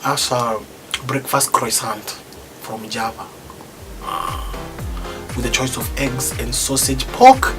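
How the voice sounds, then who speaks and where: Male gospel singer, animated storyteller, loud bursts of excitement, music playing behind. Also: mid-range voice, slow, long pauses. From East Africa. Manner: animated, jumps to loud exclaims when excited.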